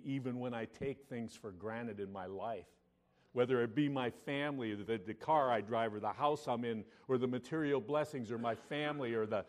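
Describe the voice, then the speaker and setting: Preaching man, swinging loud and soft. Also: medium pitch. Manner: preaching with swings between loud emphasis and quiet intimacy; reads scripture in King James wording. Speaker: pastor. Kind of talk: sermon.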